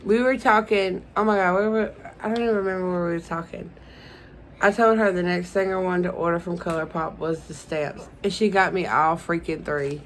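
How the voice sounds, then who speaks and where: A woman's voice: on the low side, fairly even intonation, moderate pace, slight background noise, low-quality recording. A young woman unboxing beauty products in a casual vlog, gushing and emotional and calling her viewers "y'all". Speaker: beauty vlogger.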